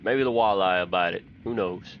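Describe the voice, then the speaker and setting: A man's voice: low voice, moderate pace, lo-fi sound, a little hiss or hum. A man from Texas, giving folksy, chatty commentary on a fishing game and telling fishing stories. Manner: folksy, chatty, excited when fish bite. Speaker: gaming channel host.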